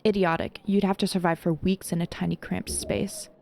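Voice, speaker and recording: A woman's voice: fairly low pitch, flat delivery, normal speed, gravelly, darkish tone, slight background noise. A woman voicing a shrewd, cheerful tiefling tavern keeper who talks in a gossipy, chatty way.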